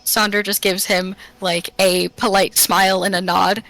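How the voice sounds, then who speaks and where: Bright-voiced woman player, unhurried. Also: medium pitch, level tone, no echo, low-quality recording. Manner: chatty, hesitant with fillers. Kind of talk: tabletop game narration.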